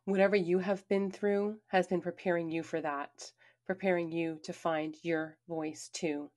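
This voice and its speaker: A woman's voice: lowish voice, fairly even intonation, unhurried, a little mellow. A woman reading her own memoir aloud in an earnest, emphatic storytelling manner, with casual conversational asides. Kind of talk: personal memoir narration.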